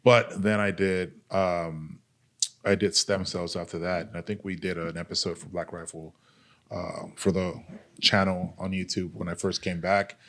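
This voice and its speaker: Here the veteran guest's low, fairly bright voice comes out flat and a little slow. Still casual and candid, he keeps things blunt and profane, full of "like" and "dude," opening up earnestly about his pain and recovery.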